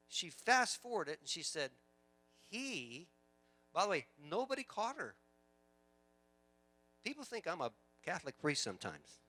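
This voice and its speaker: A male pastor preaching a sermon, swinging from loud emphatic lines to quiet storytelling, with chatty asides and repeated words. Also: fairly high pitch.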